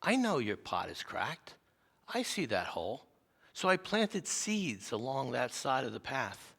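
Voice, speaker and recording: A man playing a kind, patient water carrier, speaking gently and slowly to reassure, in a hall with long reverb. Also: mid-range voice, big pitch swings, creaky, exaggerated voice. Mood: gentle.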